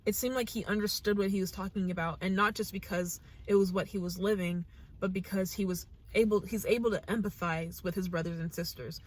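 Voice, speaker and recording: A woman's voice: mid-range voice, fairly even intonation, fairly quick. A young American woman hosting a reaction channel, talking to camera in a casual, earnest, gushing way and thinking aloud with restarts. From United States.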